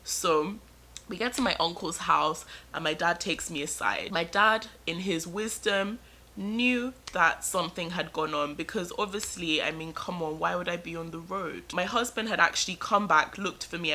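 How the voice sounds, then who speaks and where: A young adult woman vlogger telling a personal story in an animated, exclamatory way. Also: lowish voice. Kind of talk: storytime vlog.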